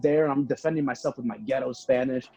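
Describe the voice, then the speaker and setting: A young man, a professional wrestler telling stories in a casual interview, animated and full of fillers. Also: medium pitch, fairly quick. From Puerto Rico. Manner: animated, acts out voices, many fillers. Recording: dull slightly lo-fi sound, faint music.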